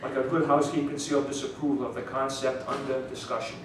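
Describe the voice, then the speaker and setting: A man's voice: medium pitch, fairly even intonation, quick pace, crowd noise. Rambling New Orleans man in an echoey room. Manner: rambling, chuckling, stops and restarts. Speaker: author. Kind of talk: casual talk to a small audience. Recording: echoey room miked from a distance, noise.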